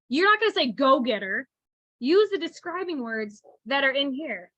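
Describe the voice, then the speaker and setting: A woman coaching on a video call, chatty and animated, often acting out what to say on the phone. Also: high-pitched, normal speed, no room sound. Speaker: sales coach.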